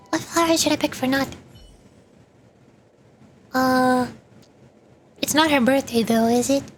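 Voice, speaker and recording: A young woman streamer with a high voice reads game dialogue aloud, dropping in casual asides. Game music plays steadily behind her. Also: a little slow, pauses often. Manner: reads all characters' lines with casual asides. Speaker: vtuber streamer. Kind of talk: reading game dialogue aloud while playing.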